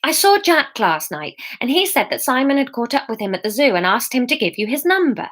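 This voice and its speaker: A woman's voice: sits high, big pitch swings, a little fast, a bit bright, exaggerated voice. Woman voicing an eager young shop worker.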